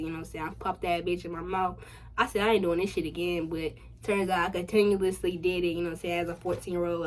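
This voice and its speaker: A young adult woman telling a personal story to her viewers in a casual vlog, slangy and full of swearing, getting louder and higher when excited. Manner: chatty, slangy and profane, addressing viewers directly; animated, rising loud and high when excited. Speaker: vlogger.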